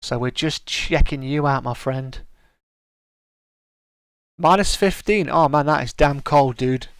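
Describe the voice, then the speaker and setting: A man's voice: mid-range voice, slow pace, clean tone, no room sound. Laid-back British man chatting on stream. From United Kingdom. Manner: laid-back, chatty, reads out and answers viewer comments. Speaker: live stream host. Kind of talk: casual live-stream chat.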